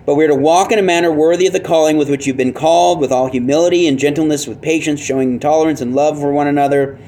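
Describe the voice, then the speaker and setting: A man's voice: a little high, fairly even intonation, fast talker, mellow. Earnest male pastor preaching a sermon. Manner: earnest, emphatic teaching with rhetorical questions. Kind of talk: expository sermon.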